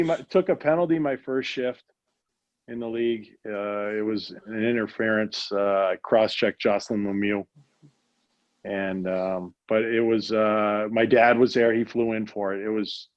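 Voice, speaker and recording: A man's voice: lowish voice, steady tone, normal speed, dry recording, muffled recording. A middle-aged American man telling hockey stories in a casual interview, rambling with many restarts and fillers. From United States. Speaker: guest, hockey executive.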